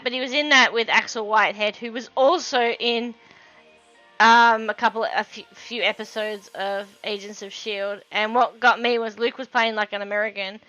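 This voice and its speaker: An Australian woman chats loosely on a livestream as she paints, wandering from thought to thought and laughing often. Her voice is bright and sits fairly high. Faint music plays underneath. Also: dull audio. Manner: rambling, chatty, laughs often. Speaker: livestream host. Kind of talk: casual chat while painting.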